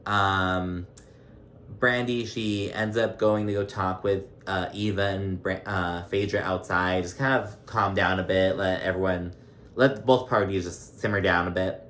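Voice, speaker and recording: A man casually recapping a reality show episode, chatty and gossipy, laughing often and filling pauses with ums. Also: deep voice, steady tone, fairly bright tone, slight background noise. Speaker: recap vlogger. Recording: roomy echo.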